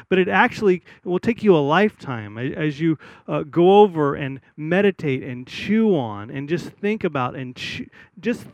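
A fairly high-pitched man preaching a sermon in a relaxed, conversational way, often pausing and restarting his phrases. When he reads scripture, he slows down and gives each line solemn weight. The sound is dry and close. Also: no echo. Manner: conversational, many fillers and restarts. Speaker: pastor.

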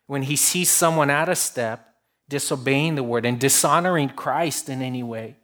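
A man preaching a sermon to his congregation, earnest and warm in delivery, swinging between emphatic rises and soft, drawn-out lines. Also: mid-range voice. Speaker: pastor.

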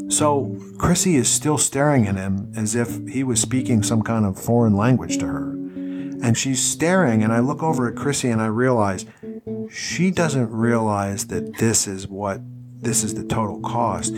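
A man chatting casually and telling an animated story, acting out what people said. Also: mid-range voice, measured pace, music in the background. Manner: animated storyteller, acts out quotes.

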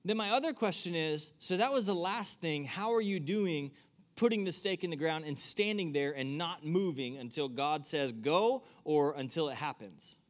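A man's voice: a little high, moderate pace, few pauses, a bit bright. A man preaching to a room, talking casually and putting direct questions to his listeners. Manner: conversational, asks the audience direct questions. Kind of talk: sermon. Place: church room with an audience.

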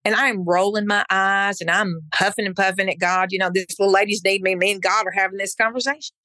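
A middle-aged woman at a podcast mic tells a personal story of faith in an earnest, emphatic voice. She acts out her own past words, and her pitch sits in the middle for a woman. The recording is close and dry, with no room sound. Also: steady tone, fast, pushed and bright, no room sound. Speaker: podcast guest. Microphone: podcast microphone.

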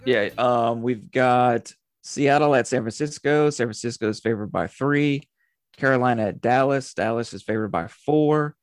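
A man hosting a casual sports chat, reading out matchups and point spreads in a relaxed way with filler ums. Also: medium pitch, moderate pace, dry recording, studio quality. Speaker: podcast host running weekly football picks.

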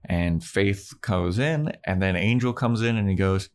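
A man's voice: on the low side, unhurried, hardly any pauses. A man co-hosting a podcast, retelling a TV episode in casual chat and acting out the scenes as he goes. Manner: animated storyteller acting out scenes. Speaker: podcast co-host.

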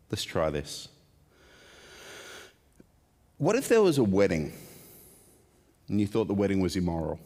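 A man's voice: sits low, darkish tone. A man preaching a sermon in a conversational way, putting questions to the congregation and adding wry asides. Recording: long hall reverb.

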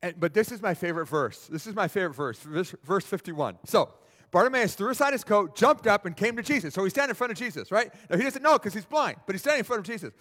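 A male preacher delivers a sermon in a high, lively voice that leaps up and down. He keeps asking his listeners to answer back. His words trail into a long reverb in a large hall. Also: fast talker. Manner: animated, asks the audience questions.

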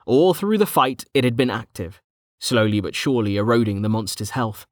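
A man narrating a fantasy novel in a steady, measured storytelling voice. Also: medium pitch, no room sound, studio quality. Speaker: audiobook narrator.

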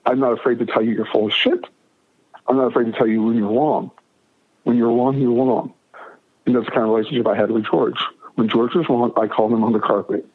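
A man's voice: medium pitch, fairly even intonation, a little fast, slightly rough. A man telling a personal story as an interview guest, emphatic and often repeating or restarting his phrases. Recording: narrow phone-like radio audio.

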